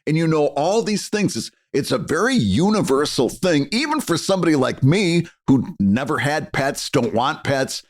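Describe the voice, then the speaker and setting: A man co-hosting a podcast, chatting casually and thoughtfully with halting restarts. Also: fairly high pitch, sing-song. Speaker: podcast co-host. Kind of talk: casual chat.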